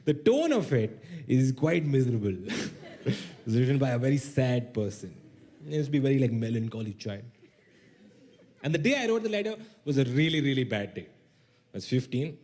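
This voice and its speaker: A young man from India doing a stand-up comedy set, telling a story with sudden shouted outbursts and mock voices. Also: a little high, slight background noise.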